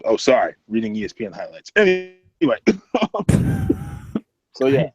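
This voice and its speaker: Recapping a match on a casual wrestling podcast, this co-host rambles with plenty of fillers and laughs. His medium pitch has a sing-song lilt, his pace is moderate with long pauses, and the sound is lo-fi.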